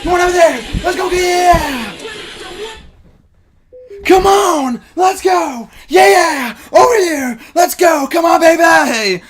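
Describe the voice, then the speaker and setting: A man putting on a hyped male wrestler, shouting drawn-out catchphrases as in a ring entrance. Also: very high voice, expressive, noisy background, voice pushed up, exaggerated voice.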